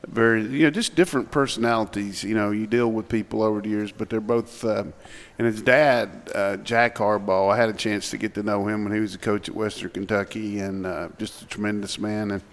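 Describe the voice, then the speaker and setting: A man's voice: lowish voice, steady tone, a little fast. Man, former coach turned analyst, folksy and teasing, casual sports talk, some reverb.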